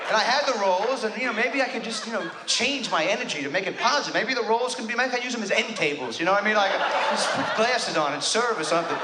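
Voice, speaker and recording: A man from the United States doing a stand-up monologue on a theater stage. His delivery is neurotic, rambling and self-deprecating, full of restarts. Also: high voice. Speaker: stand-up comedian. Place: theater stage with a live audience. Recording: echoey theater, loud audience noise.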